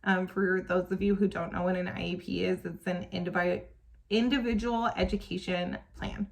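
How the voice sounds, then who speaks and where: A woman's voice: lowish voice, flat delivery, normal speed, creaky. A young woman telling a personal story as a parent vlogger, emotional and full of "um" and "like" fillers. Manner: emotional, tearful at times, many fillers like "um" and "like".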